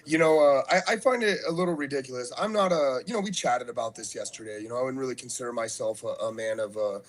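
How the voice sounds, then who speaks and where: A man's voice: medium pitch, fast. A man hosting an interview, talking casually and hesitantly as he thinks aloud. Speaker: host. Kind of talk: casual chat.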